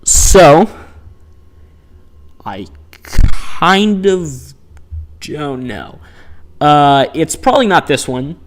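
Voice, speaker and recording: A man's voice: a little high, very animated, drawn-out words, long pauses. A man streaming live gameplay, chatting and reacting with incredulous, laughing asides.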